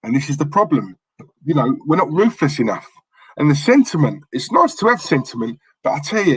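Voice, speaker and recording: A man's voice: fairly high pitch, sing-song, a little fast, fairly bright tone, slightly rough, rough recording. A passionate man, co-hosting a live fan stream and ranting from the heart. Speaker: fan channel co-host.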